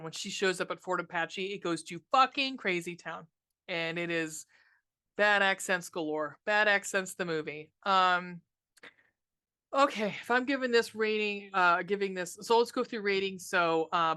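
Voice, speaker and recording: Her voice sits on the lower side, pushed and bright, with a clear, resonant tone. As a co-host on a horror film podcast, she chats casually about the movies, ranting, swearing freely, and filling gaps with lots of ums.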